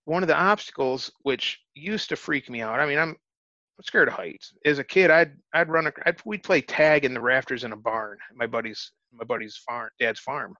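A man's voice: mid-range voice, moderate pace, bright, forceful tone, no room sound. A man, an interview guest, telling a story in casual, earnest talk, often restarting his phrases. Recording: dull, dry lo-fi recording.

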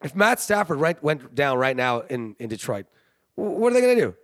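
A man's voice: a little high, very animated, brisk, no room sound, studio quality. A man hosting a sports show, rambling and joking in casual commentary, often laughing. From Canada. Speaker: sports podcast host.

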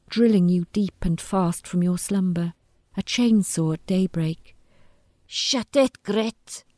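A woman reading a first-person story aloud in a quiet, wry, deadpan manner. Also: on the low side, no echo. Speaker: narrator.

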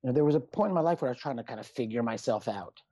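A man's voice: mid-range voice, lively intonation, racing, warm tone, no room sound. A middle-aged man, a doctor and author, chatting as a guest in a rambling, self-deprecating way. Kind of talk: casual interview chat. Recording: muffled lo-fi sound.

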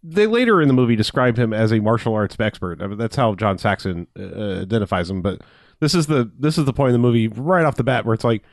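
A man's voice: fairly low pitch, lively intonation, fast, no echo, studio quality. A man co-hosting a podcast, chatting casually and rambling through a movie recap, laughing often. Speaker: podcast co-host.

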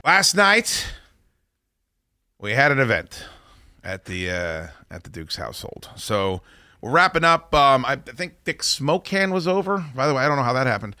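A man's voice: medium pitch, sing-song, normal speed, bright, forceful tone, smooth, dry recording, studio quality. A man hosting a talk show, telling a story in a wry, profane, casual way. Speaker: radio show host.

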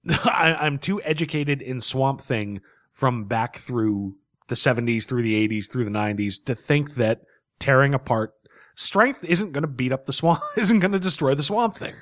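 A man co-hosting a casual comic book review chat, talking in an animated way and laughing readily. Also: mid-range voice, normal speed, no room sound, clean studio sound.

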